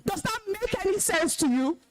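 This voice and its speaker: A young Nigerian-accented woman, an alumna speaking at a school event, sternly scolds a room of students in a high voice with wide, lively pitch swings. She issues orders, then grows emotional and commanding as she talks about respecting teachers, keeping a normal pace over background music.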